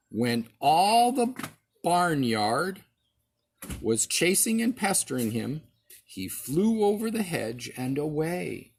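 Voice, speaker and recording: A father reads a fairy tale aloud to his child, expressive and unhurried. His voice is husky and rises and falls a great deal, with the odd slip and restart. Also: fairly high pitch. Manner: expressive, with small slips and restarts. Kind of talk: reading a storybook aloud.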